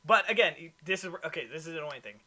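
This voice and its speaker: Podcast host, male, bright and slightly high voice, reads news off notes with stumbles and restarts. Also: very fast. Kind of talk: casual gaming podcast chat.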